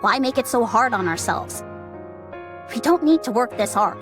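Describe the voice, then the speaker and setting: Woman voicing a tired ex pop star girl, kinda high voice, resigned, music playing in the game scene. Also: expressive, moderate pace, natural voice. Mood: weary. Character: weary former pop star, young woman. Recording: game dialogue over music.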